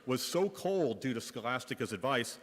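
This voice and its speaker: Man from the Bay Area, school principal, mid-pitched, wry anecdotal delivery in a church with long reverb. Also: very animated, moderate pace, background noise. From Bay Area, California. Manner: wry, anecdotal, light comic timing. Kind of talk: humorous storytelling reflection in church.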